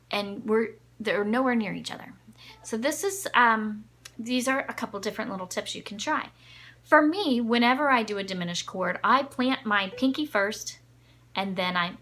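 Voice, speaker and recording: A woman's voice: medium pitch, sharp tone. A woman teaching a ukulele lesson, patiently counting the beats aloud. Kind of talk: music lesson. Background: ukulele playing.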